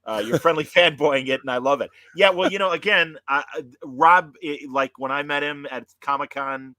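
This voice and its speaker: A man's voice: a little high, normal speed, sharp tone, no echo. Enthusiastic man hosting a podcast. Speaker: podcast host. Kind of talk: casual podcast chat.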